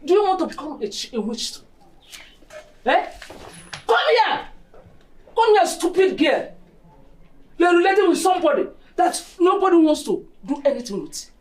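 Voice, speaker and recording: Ibu galak yang memarahi. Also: female voice, high-pitched, very animated, a little fast, long pauses. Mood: furious. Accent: Nigerian. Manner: loud, scolding, shouting. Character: harsh scolding middle-aged mother. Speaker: mother.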